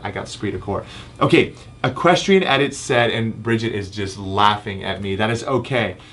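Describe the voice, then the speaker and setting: A man's voice: lowish voice, fairly bright tone, slight background noise. A man in his thirties, a chiropractor hosting a casual live Q&A and answering viewer comments with frequent ums. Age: 30s. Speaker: chiropractor host.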